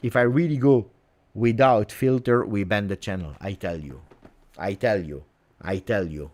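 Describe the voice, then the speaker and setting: A man's voice: fairly low pitch, normal speed, a little mellow. Angry Italian man ranting about football. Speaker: fan channel host. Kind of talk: live football watch-along reaction.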